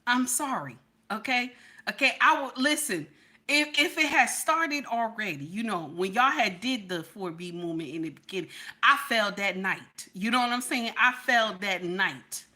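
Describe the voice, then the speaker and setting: A middle-aged woman hosting a livestream chats casually with viewers in a medium-pitched voice at normal speed. She's animated and playful, laughing a lot and often repeating herself with a questioning "okay?".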